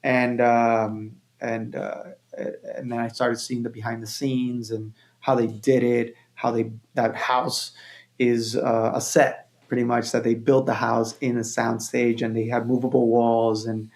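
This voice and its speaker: Male filmmaker guest, gravelly, mid-pitched, lively storyteller. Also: measured pace. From Venezuela. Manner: animated, repeats phrases, acts out quotes. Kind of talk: casual storytelling chat.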